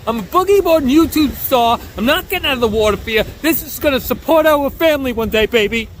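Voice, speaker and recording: A man's voice: extremely high pitch, slight background noise. A man with a New York accent talking in a rambling, boastful, joking vlog monologue outdoors near a beach. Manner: boastful, joking, self-mocking, animated. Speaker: bodyboarding vlogger.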